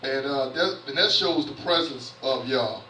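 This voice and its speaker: A man's voice: mid-range voice, lively intonation, normal speed, sharp tone, recorded from a distance, slight background noise. A man preaching a sermon in a church, reading scripture aloud and then explaining it in everyday, conversational words. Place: church sanctuary. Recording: roomy church audio picked up from afar.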